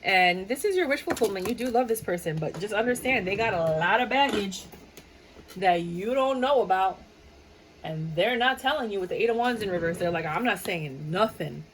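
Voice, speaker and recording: A woman giving a lively, casual tarot reading, playful and chatty, slipping into quick impressions of the people she describes. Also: medium pitch, slight background noise, low-quality recording. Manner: animated, playful, sings and mimics clients' voices. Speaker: tarot reader.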